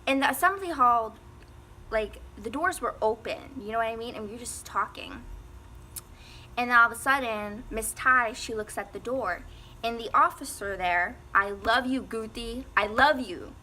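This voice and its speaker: A teenage girl vlogger tells a casual storytime, rambling with many fillers and laughing often. Her voice is on the high side and sharp, at a normal speed, with a bit of hiss or hum in the recording.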